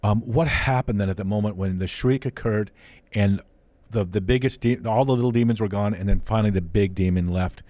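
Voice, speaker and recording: A man's voice: lowish voice, fairly quick, dark tone, dry recording. A man hosting a faith interview show, talking earnestly and often restarting his sentences. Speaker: podcast host.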